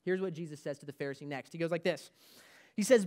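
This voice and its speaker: A man's voice: on the high side, animated, fairly quick, darkish tone. A man preaching a sermon as pastor of a church, emphatic and repeating his key points.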